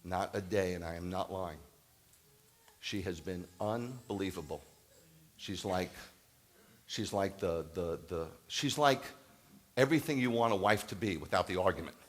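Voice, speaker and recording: Older male rabbi, low deep voice, lively anecdotal sermon delivery. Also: moderate pace, long pauses. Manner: animated storytelling, swings from loud laughing bursts to quiet reflection. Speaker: rabbi preaching.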